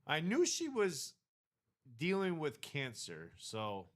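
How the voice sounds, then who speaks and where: Man, break host, bright voice, lively swoops, casual chat. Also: fairly high pitch, slow. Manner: excited reactions to pulls. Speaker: host of a live card-break stream.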